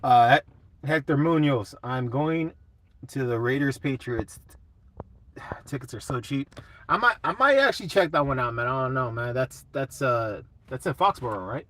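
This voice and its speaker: Chill young dude on a live stream, bright voice, cusses a lot, reading chat out loud. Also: male voice, mid-range voice, expressive, moderate pace. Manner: laid-back, swears a lot, reads chat comments.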